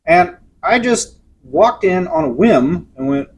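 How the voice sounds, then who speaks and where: A man's voice: high-pitched, expressive, slow, breathy edge, low-quality recording. Rambling middle-aged man telling a story. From Los Angeles area. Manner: rambling anecdotal storyteller, acts out quotes. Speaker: podcast co-host. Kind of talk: casual chat, storytelling.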